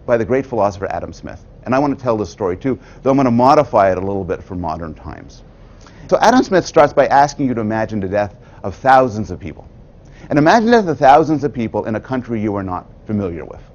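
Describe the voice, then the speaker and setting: A man delivers a thoughtful prepared talk, his pitch rising and falling in lively swings. He drops in dry, wry asides along the way. The recording sounds a little dull and lo-fi. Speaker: public lecturer.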